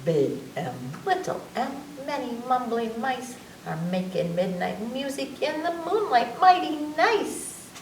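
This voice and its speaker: A woman reading an alphabet book aloud at children's story time, teacherly and lively, drawing out each letter sound. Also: high-pitched, a little slow. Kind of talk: slow, sing-song children's story time. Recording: echoey room, mic at a distance, faint background hum.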